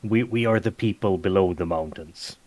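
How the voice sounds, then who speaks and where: A man playing a stern, ceremonial male dwarf envoy, speaking in a gravelly voice with a calm, even, formal manner. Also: fairly low pitch, slow pace, low-quality recording.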